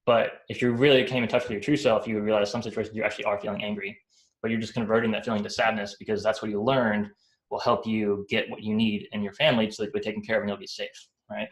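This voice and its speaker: A man's voice: lowish voice, flat delivery, fast. A man giving a casual talk about emotions, rambling and checking in with "right?" after almost every point. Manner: rambling, many fillers like "right?" and "like". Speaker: speaker explaining psychology. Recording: echoey room.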